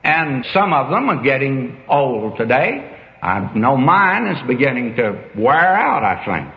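A man's voice: mid-range voice, big pitch swings, a little slow. An older man preaching a sermon in a folksy, emphatic storytelling manner. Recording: dull echoey hall recording.

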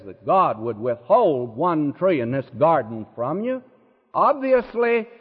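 A man preaching a sermon in an emphatic way, his voice rising to high, ringing peaks. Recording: phone-like sound with long hall reverb.

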